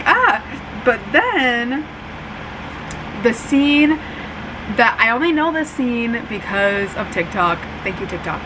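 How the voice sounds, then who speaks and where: Young woman vlogging at home, rambly, lots of likes and ums, fan humming in the room. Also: medium pitch. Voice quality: chatty, full of "like" and "um". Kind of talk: casual reading-update vlog. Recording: steady fan hum behind.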